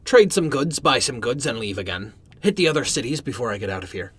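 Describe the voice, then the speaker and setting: A man voicing a gruff male cart driver in a put-on accent, given to grumbling curses. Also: medium pitch, big pitch swings, fast talker, fairly bright tone. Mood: businesslike.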